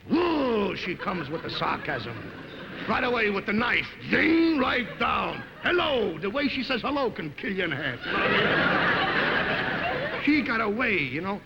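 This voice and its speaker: A comedian delivering a monologue as an exasperated husband, in an old television broadcast. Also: male voice. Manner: exasperated, animated storytelling with big pitch swings. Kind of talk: comic monologue. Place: television studio stage. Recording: 1950s television broadcast, hall reverb, noisy.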